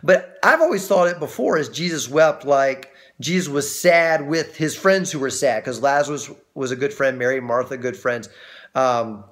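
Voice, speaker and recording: A man teaching on a Bible passage as a pastor, in a conversational way with frequent restarts, lively when he acts out quoted voices. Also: medium pitch, normal speed.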